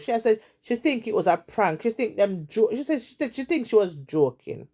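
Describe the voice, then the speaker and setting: A woman's voice: a little high, very animated, normal speed, mellow. A woman with a Jamaican accent, retelling a story in emphatic, repetitive, dramatic casual chat as host.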